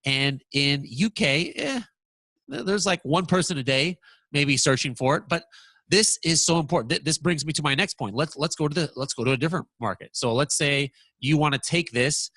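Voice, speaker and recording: A man presenting a software walkthrough lesson, talking excitedly and stammering when surprised. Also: on the high side, moderate pace, no echo.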